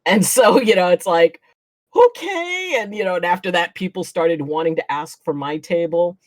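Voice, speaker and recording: A woman's voice: lowish voice, fairly even intonation, moderate pace, no room sound. A woman, a chiropractor, guesting on a casual chat show and telling stories animatedly, acting out what people said and laughing often.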